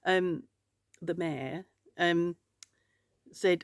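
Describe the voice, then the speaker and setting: A woman's voice: on the low side, steady tone, drawn-out words, clear, resonant tone, dry recording, studio quality. A woman vlogging from home, rambling and outspoken, swearing freely. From England. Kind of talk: casual chat to camera. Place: home in France.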